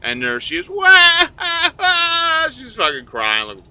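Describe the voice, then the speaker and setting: A man's voice: mid-range voice, wildly swooping pitch, brisk, gravelly, pushed and bright. Crude, rambling male storyteller.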